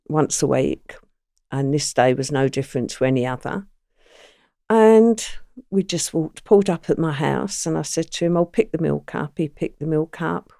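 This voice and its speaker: A woman's voice: deep voice, creaky, warm tone, no room sound, studio quality. A woman as an interview guest, giving a plain, matter-of-fact first-person account with quoted dialogue.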